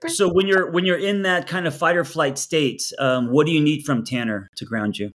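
Guy coaching a couple in a session, earnest, gets animated, repeats his words a lot. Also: a little high, moderate pace. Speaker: relationship coach.

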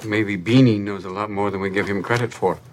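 A man's voice: on the low side, steady tone, a little fast, a crowd in the background, lightly acted. An actor playing a playful male doctor who jokes with patients in a film scene. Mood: teasing.

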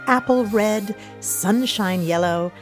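A woman reading a children's picture book aloud with a co-reader, animated and playful. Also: mid-range voice, slow, faint music behind. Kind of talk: children's storybook read-aloud.

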